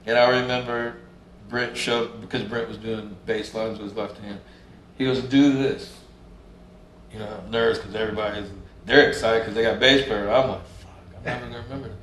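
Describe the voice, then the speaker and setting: On the low side and a bit bright, this man's voice stays fairly even at a moderate pace. As a musician interview guest he tells stories casually, swears freely and mimics what people said, in a roomy room with faint ambience and slight background noise.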